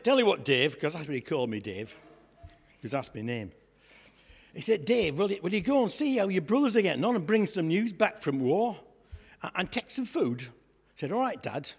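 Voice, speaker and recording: A man playing a boastful, comic young shepherd lad, chatting and joking with a church congregation in a raspy voice. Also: fairly high pitch, big pitch swings, brisk, long pauses, heavily acted. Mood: cheeky. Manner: chatty, jokey, asides to the congregation. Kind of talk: comic storytelling sketch in church. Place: church hall. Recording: echoey church hall.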